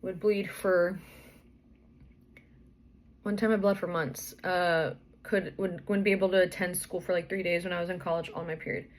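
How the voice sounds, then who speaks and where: A woman's voice: on the low side, fairly even intonation, normal speed, slight background noise. A young woman vlogger, out of breath and pregnant, chatting through a rambling personal story full of fillers and restarts.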